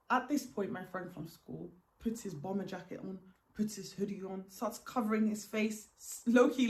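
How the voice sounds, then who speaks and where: A woman vlogger telling a dramatic first-person story in an animated, emphatic way, often repeating words for effect. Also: mid-range voice.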